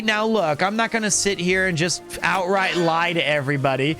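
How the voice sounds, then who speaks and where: Male streamer, high bright tone, loose joking chatter over faint game music. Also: moderate pace. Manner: rambling, playful, jokey. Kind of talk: casual live-stream chat.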